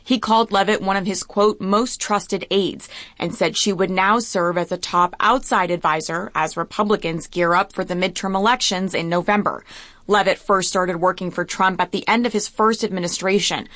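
Female news correspondent, measured studio read, dry close sound. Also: mid-range voice, no echo. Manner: measured, even news delivery. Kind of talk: scripted news report.

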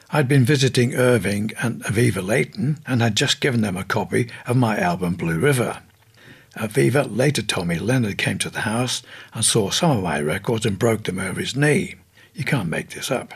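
A man's voice: mid-range voice, gravelly, slightly rough. A man narrating an audiobook in a scripted reading, voicing quoted speakers in turn.

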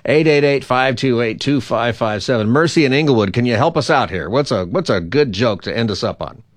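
A jovial man hosts a live call-in radio show, his voice bouncing with a lively pitch. He sits at a studio mic with a close, dry sound. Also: brisk, no room sound. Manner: jovial, joke-telling.

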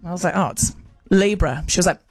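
A woman with a New Zealand accent, a radio host and touring comedian, telling animated stories in casual on-air chat. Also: on the low side, fast talker, slightly rough, dry recording, soft background music. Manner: animated storytelling with chatty asides.

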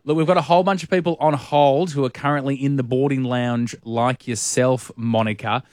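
A man's voice: mid-range voice, steady tone, brisk, a little mellow, no echo, clean studio sound. A man hosting drive-time radio, playful and teasing with a caller. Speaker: radio host.

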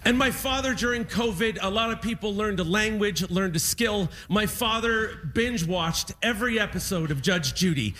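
Animated high-voiced comedian. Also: male voice, normal speed, background noise. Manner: animated, laughs through his stories. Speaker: stand-up comedian. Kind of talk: stand-up comedy storytelling.

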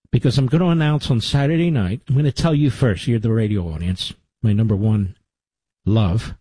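A man's voice: mid-range voice, dark tone, slightly rough, no room sound. A middle-aged man hosting a talk radio show, delivering a combative, conversational monologue with sarcastic asides into a studio microphone.

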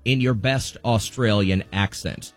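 A man hosting a morning radio show, running contests and promos in an upbeat, quick way. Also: fairly low pitch, no echo, soft background music.

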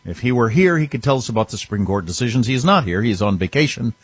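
Radio host guy, husky voice, dead dry studio sound, deadpan jokes. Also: mid-range voice, very fast, no echo. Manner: joking, deadpan. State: has pink eye. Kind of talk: casual chat.

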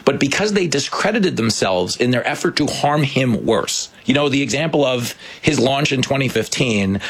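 Male talk host, gravelly and husky, lively pitch, animated storyteller. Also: moderate pace, few pauses. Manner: animated storyteller, breaks into laughter. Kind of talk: casual political chat.

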